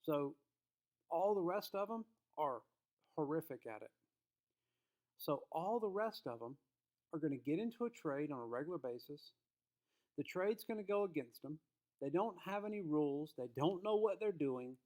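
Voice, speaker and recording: A man giving a casual trading lesson to his viewers. His voice sits a bit high. He talks in an emphatic, folksy way. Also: expressive, moderate pace, pauses often, darkish tone. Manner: emphatic, folksy, acts out quotes. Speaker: trading educator.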